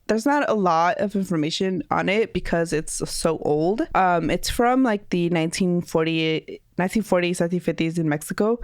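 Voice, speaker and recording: A woman's voice: fairly low pitch, dry recording, clean studio sound. A woman co-hosting a podcast who sounds congested, telling a story in a casual, giggly, rambling way. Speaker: podcast co-host.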